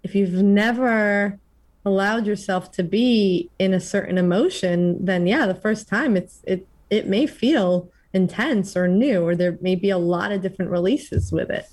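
Calm woman explaining trauma and breath. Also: medium pitch, a little slow. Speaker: podcast guest, trauma educator. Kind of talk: explanatory conversation.

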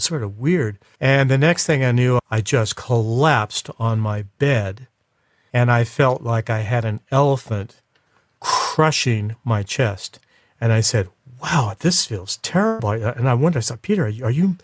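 A man's voice: medium pitch, dry recording. A man as an interview guest, telling a personal story in an emotional, reflective way.

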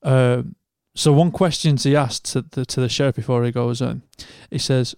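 A man's voice: mid-range voice, normal speed, few pauses, dry recording, clean studio sound. A man with a Northern English accent, a podcast co-host telling a long story in casual, sweary chat and acting out the people in it. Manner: sweary, animated storytelling with quoted voices.

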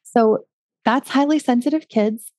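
A woman's voice: fairly high pitch, a little slow, a little mellow, no room sound, clean studio sound. A woman hosting a solo parenting podcast, chatting casually with many ums and likes. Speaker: podcast host, parenting coach.

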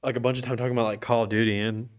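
A man's voice: medium pitch, little pitch movement, very fast, a crowd in the background. A young man in college, co-hosting a casual podcast with easygoing, short remarks. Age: young adult. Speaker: podcast co-host. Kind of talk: casual chat.

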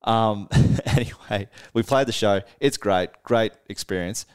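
A man, co-hosting a podcast and telling a tour story in a casual, animated way, laughing often and swearing freely. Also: lowish voice, unhurried, clean tone. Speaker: podcast co-host, band musician.

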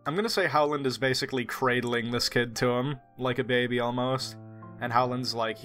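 A tabletop player with a bright, forward voice describes his character's moves with quick laughs. Faint music sits under the talk. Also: mid-range voice. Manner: laughing, animated. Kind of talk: tabletop role-play.

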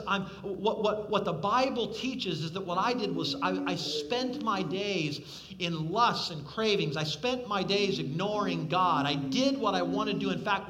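Impassioned high-voiced male preacher. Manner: impassioned preaching, swinging from loud to hushed, acting out quoted voices. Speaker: pastor. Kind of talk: sermon.

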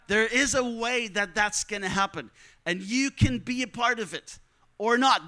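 A man's voice: high-pitched, moderate pace, bright, forceful tone. A man preaching a sermon to students, telling stories earnestly and repeating key lines for emphasis. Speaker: missionary preacher.

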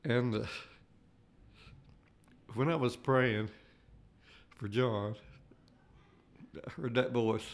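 An older man giving an earnest personal testimony, halting and restarting as he talks. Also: medium pitch, fairly even intonation. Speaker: layman giving a faith testimony.

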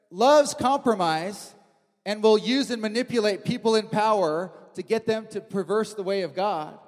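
A man preaching a sermon in a church hall, telling the story with animation and acting out the quotes. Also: high-pitched.

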